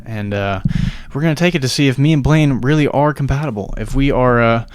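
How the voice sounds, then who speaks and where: A man's voice: medium pitch, a little fast, clean tone. A young man hosting a casual podcast chat, laid-back and teasing with crude jokes. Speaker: podcast host.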